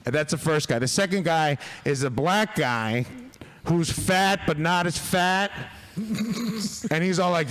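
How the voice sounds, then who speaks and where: Podcast guest, man with a slightly high voice, profane and rambling. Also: animated, a little slow, fairly bright tone. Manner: profane, rambling, laughs through his stories. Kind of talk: casual storytelling.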